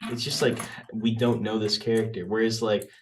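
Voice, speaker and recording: Young male podcast co-host, lower voice, blunt rambling delivery, slightly distant mic. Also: flat delivery, moderate pace, slight background noise. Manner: rambling, frequent restarts and fillers, blunt and profane. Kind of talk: casual movie debate.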